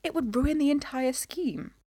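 A woman's voice: high voice, measured pace, dark tone, no echo, studio quality, pitched above the performer's own voice. Woman putting on a haughty older society lady. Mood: airy. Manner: airy, haughty. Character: older upper-class woman, airy and imperious.

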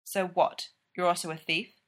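A woman's voice: fairly low pitch, little pitch movement, moderate pace, fairly bright tone, natural voice. A woman voicing a haughty young woman who is cool, blunt and teasing.

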